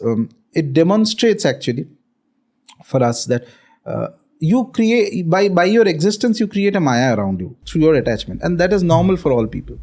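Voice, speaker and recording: A man's voice: on the high side, mellow. A man with an Indian accent, a spiritual author, explaining ideas and telling a story on a podcast with many fillers and Hindi asides.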